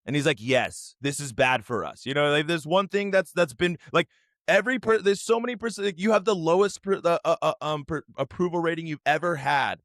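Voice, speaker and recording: A man's voice: a little high, brisk, fairly bright tone, dry recording, clean studio sound. Rambling, profane man. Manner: rambling, profane, heavy use of "like". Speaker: podcast host. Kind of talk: casual chat.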